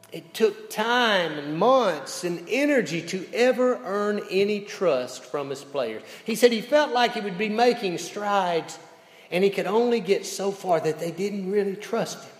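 A man preaching a sermon as pastor, telling a story with big swings between loud and hushed delivery. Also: on the high side. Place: church sanctuary. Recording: echoey church hall sound.

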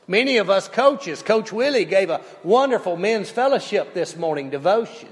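A male pastor preaching a sermon, with slow, emphatic delivery that swings widely in pitch and volume. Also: lively intonation. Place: church sanctuary. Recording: long hall reverb.

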